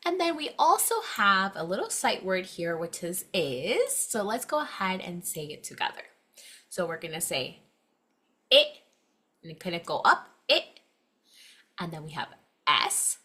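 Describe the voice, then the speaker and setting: A young woman teacher reading a picture book aloud to children and leading a phonics lesson, with exaggerated, expressive delivery. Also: lowish voice. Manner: animated, exaggerated expression with gasps, slow clear delivery.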